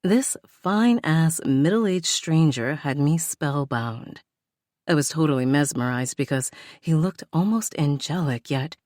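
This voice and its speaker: Slow, low-voiced woman narrating romance. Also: warm tone, dry recording, clean studio sound. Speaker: audiobook narrator. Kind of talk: first-person romance audiobook narration.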